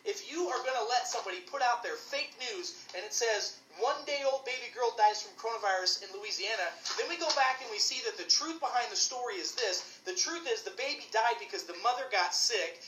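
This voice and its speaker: A woman's voice: fairly high pitch, lively intonation, brisk, hardly any pauses, sharp tone, reverberant, slight background noise, low-quality recording. A woman physician giving heated video commentary, ranting with fired-up, emphatic repetition. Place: St. Louis area.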